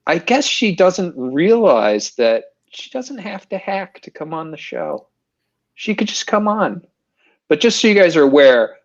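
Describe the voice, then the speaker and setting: A game show host on a video call, upbeat and quick to laugh, running a comedy stream. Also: medium pitch, muffled recording. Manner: giggly, upbeat, frequent laughs.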